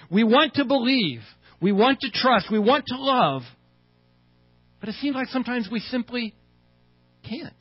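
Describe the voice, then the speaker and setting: Male pastor, sermon, conversational, lots of rhetorical questions; husky, dry close sound. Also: high voice, dry recording, highs cut off. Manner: conversational, asks the audience many rhetorical questions.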